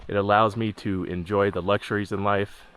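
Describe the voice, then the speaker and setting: A man narrating his long-distance hike in a dry, deadpan vlog style, delivering jokes flatly. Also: fairly low pitch, normal speed, clean tone. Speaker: hiking vlogger. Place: outdoors on a mountain trail.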